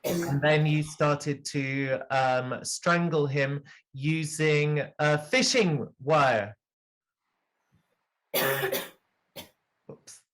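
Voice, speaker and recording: A man's voice: fairly high pitch, drawn-out words, pauses often, fairly bright tone. A man improvising as a detective, laying out a murder accusation in a rambling way with many fillers. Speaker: improv performer playing a detective. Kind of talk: improvised theatre narration.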